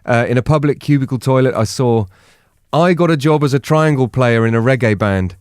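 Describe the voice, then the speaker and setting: A man's voice: mid-range voice, clean tone, no room sound, studio quality. A man co-hosting a radio show, reading listener messages and bantering. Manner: reads out listener messages, quick reactions. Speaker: radio co-host. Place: radio studio.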